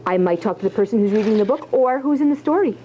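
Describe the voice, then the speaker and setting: A woman's voice: fairly high pitch, animated, fast talker, over a noisy crowd, low-quality recording. Encouraging woman teacher quizzing a class. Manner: questioning, encouraging. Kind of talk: classroom writing lesson.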